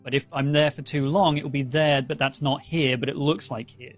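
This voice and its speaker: A man's voice: medium pitch, fairly even intonation, a little fast, soft background music. A man playing a tabletop game, joking and rambling playfully in character with the group. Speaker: player.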